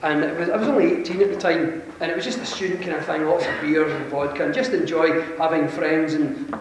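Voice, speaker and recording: A Scottish man with a Glasgow accent telling an animated, self-deprecating story to a conference audience, chuckling often. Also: on the high side, fairly quick. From Scotland. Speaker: conference speaker. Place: large conference hall. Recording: very echoey hall, mic far off, faint hiss.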